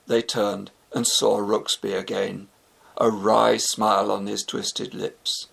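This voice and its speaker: A man reading a story aloud for English learners, slow and expressive. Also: lowish voice, creaky, husky. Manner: slow and expressive, voicing each character. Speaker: narrator.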